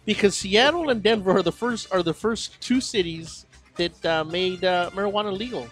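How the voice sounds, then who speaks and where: Jokey talk-radio co-host man, high voice. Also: moderate pace, faint music behind. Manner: jokey, rambling, laughs often. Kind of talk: casual radio banter.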